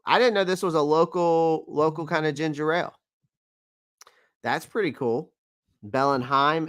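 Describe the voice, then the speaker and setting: A man's voice: a little high, a bit bright, smooth, no room sound. A man hosting a casual live-stream sports talk show, rambling and repeating himself as he reads viewer comments.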